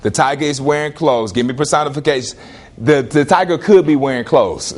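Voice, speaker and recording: A male teacher leading a classroom lesson, firing questions at students in lively call-and-response. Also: mid-range voice, brisk.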